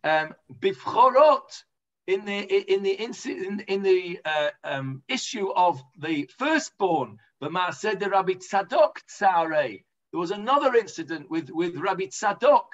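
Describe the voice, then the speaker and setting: A man's voice: high-pitched, animated, measured pace, muffled recording. A man with an English accent teaching an informal Talmud class, chatty and full of hesitations. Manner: chatty explaining, lots of hesitations.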